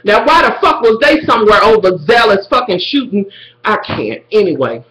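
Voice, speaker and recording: A woman recapping a TV drama episode in a casual video, animated and full of swearing as she talks straight to her viewers. Her voice is bright and a little sharp. The room is echoey around her. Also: medium pitch, normal speed.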